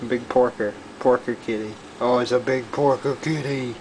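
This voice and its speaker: A man filming his pet cat at home, coaxing and teasing it, shifting between loud urging and soft baby-talk whispers. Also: medium pitch, steady tone, moderate pace, slight background noise, rough recording.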